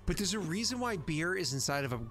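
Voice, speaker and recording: A man leading a tabletop session who talks in a lively, swooping voice that sits a little high. He rambles and jokes freely with his players on a video call. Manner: animated, rambling, quick to laugh. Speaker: game master. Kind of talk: casual chat among players.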